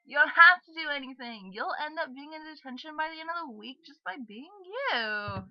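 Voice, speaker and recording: A woman voicing a teenage boy bully who taunts in a loud, sing-song way. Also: high-pitched, expressive, normal speed, no echo, highs cut off, voice pushed up. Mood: taunting.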